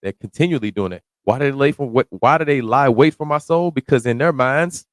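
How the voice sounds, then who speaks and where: Close-miked in a dry, deadened space with no echo, a mid-range male voice walks through a psalm verse by verse. His scripture reading is slow and deliberate; his commentary is slangy, casual, and occasionally shouted.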